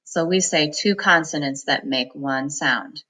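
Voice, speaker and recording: Bright-voiced woman teaching phonics. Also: sits low, low-quality recording. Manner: slow, deliberate, sounds words out syllable by syllable. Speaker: reading teacher. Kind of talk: phonics lesson.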